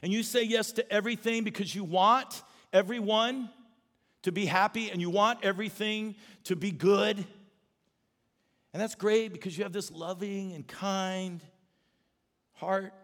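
Male pastor, high voice, lively conversational sermon, church hall reverb. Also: measured pace. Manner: animated, conversational preaching with humor. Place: church auditorium. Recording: long reverb of a large hall.

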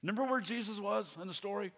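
A middle-aged man preaching a sermon as a guest pastor, telling stories in an animated way with playful asides. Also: high-pitched, quick pace. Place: church auditorium. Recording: long reverb of a large hall.

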